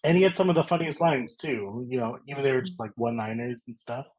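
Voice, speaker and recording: A man chatting as a guest on a podcast, relaxed and full of fillers like "like" and "you know". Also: mid-range voice, quick pace, crowd noise, low-quality recording. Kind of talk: casual chat.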